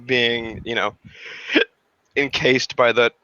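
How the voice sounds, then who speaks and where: A man with a bright, forceful tone talks casually and loosely, piling up fillers and restarts and swearing now and then. The sound is dull and lo-fi. It's dry, with no room echo. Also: medium pitch, steady tone, slow. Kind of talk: casual chat.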